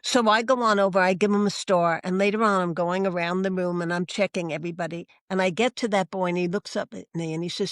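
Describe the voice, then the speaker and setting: A woman's voice: lowish voice, fairly even intonation, fast talker, hardly any pauses, dry recording, clean studio sound. An older woman, a religious sister, telling stories from her teaching years in an interview, acting out the voices of the people she remembers. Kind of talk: storytelling interview.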